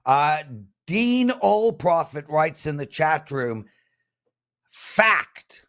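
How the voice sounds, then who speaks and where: Slow-talking sports betting show host. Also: male voice, fairly high pitch, sing-song, clean tone. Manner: chatty, mocking, reads viewer comments aloud. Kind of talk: casual panel talk.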